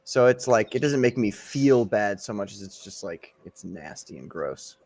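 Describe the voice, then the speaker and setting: A man's voice: fairly low pitch, expressive, normal speed, a little mellow. A man chatting in a laid-back way as a guest on a live stream. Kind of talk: casual live-stream chat.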